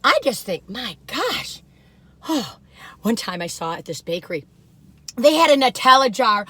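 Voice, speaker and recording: A woman's voice: a little high, big pitch swings, measured pace, pauses often, pushed and bright, breathy edge, no room sound. An older woman chatting casually in a gushing, giggly way from inside her car. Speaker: vlogger tasting cookies. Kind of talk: casual chat.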